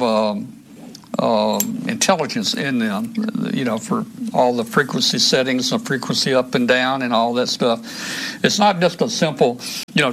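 A man rambling on a casual live stream about radio gear, restarting his sentences and hunting for words. He sounds slightly winded, at an ordinary mid pitch. A faint hiss of noise sits behind him. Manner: rambling, hesitant, many restarts and fillers. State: out of breath. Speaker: show host demonstrating radios.

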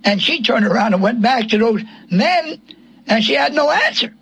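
A man's voice: very high-pitched, expressive, moderate pace, gravelly, fairly bright tone, husky, rough recording. A man preaching a sermon, asking rhetorical questions and quoting scripture in old King James wording.

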